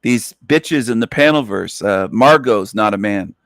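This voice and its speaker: A man's voice: fairly low pitch, expressive, measured pace, a bit bright, no echo, studio quality. A man hosting an online radio show, ranting in an emphatic, profane, repetitive monologue. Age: adult, past twenties.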